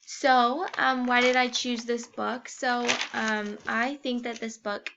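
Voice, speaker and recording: A young woman, an education student, gives an informal class presentation full of fillers and restarts. Her medium-pitched voice is gravelly and a bit bright, captured on a dull lo-fi home recording.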